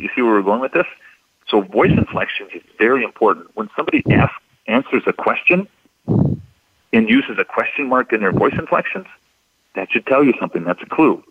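Man, low and husky, guest expert teaching methodically, thin phone-line sound. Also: no echo. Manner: patient and methodical, repeats key points. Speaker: interview guest explaining statement analysis. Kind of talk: instructive radio interview.

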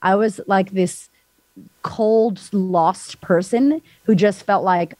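A woman's voice: mid-range voice, takes it slowly, darkish tone, dry recording. A woman guest on a podcast, frankly retelling a hard personal story with lots of "like". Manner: frank, breathless retelling full of "like", acts out voices.

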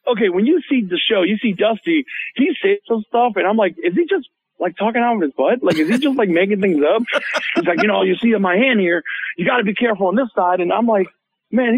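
High gravelly man on a phone line. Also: fast talker. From Hmong American. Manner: animated storyteller, acts out quotes, many fillers. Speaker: chef and TV show host, guest. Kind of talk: casual radio interview storytelling. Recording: phone-line guest audio.

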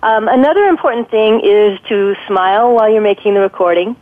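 A woman guest expert giving thoughtful, explanatory advice in an interview, pausing often with ums. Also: medium pitch. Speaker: guest expert on guided imagery. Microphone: telephone. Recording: tinny phone line.

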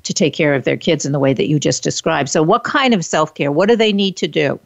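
A woman's voice: deep voice, a little fast, creaky, no echo. A woman hosting a casual interview, talking in a conversational way that builds on her guest's points. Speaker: interview host. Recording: dull, dry lo-fi sound.

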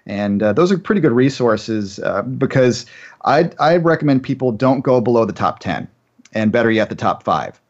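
A man's voice: medium pitch, animated, moderate pace, darkish tone, muffled recording. A man as a guest analyst on a finance radio show, talking in a chatty way with many uh fillers and giving confident opinions.

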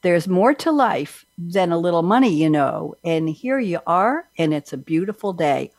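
A woman from New York hosting a lively radio chat, animated and quick to laugh at herself. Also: lowish voice, no echo, clean studio sound. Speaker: host.

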